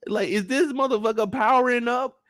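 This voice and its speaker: A young man giving a casual, profane, joking recap of a TV episode, lively and quick to burst into loud shouts. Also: extremely high pitch, dry recording, studio quality. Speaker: show recap reviewer. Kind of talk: casual live recap commentary.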